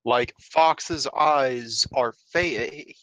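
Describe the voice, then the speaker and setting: A man in casual stream commentary speaks at a slow, even pace in a mid-range voice. He cuts in with blunt corrections and dry remarks while another host reads. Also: medium pitch.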